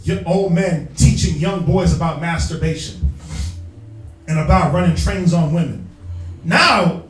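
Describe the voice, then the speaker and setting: A man teaching from the Bible in an emphatic, slangy street style, prodding his reader with quick call-and-response. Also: a little high, lively intonation. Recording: echoey room, distant mic, faint music.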